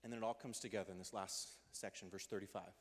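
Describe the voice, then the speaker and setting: In a church hall, a youth pastor delivers a casual sermon for young people in a low, slightly rough voice at a fast clip. He keeps it energetic and conversational, performing quotes in voices, with the long echo of a big hall around him.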